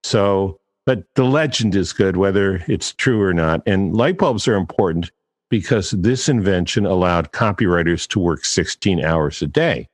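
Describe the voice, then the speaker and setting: A man's voice: deep voice, lively intonation, unhurried, long reverb tail. A man hosting a podcast, talking casually in a chatty, digressive and self-deprecating way. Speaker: podcast host.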